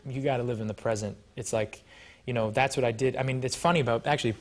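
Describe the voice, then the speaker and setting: A man guesting on a talk show, talking at a brisk clip in an animated, joking way. His voice sits at an ordinary middle pitch, and he pokes fun at himself as he tells stories. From United States. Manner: animated, joking, self-mocking.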